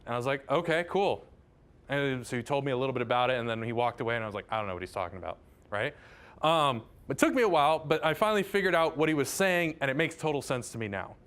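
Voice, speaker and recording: A man's voice: mid-range voice, lively intonation, fast, fairly bright tone, clear, resonant tone. A man giving a casual math lecture. He chats, drifts into tangents and keeps checking in with "right?".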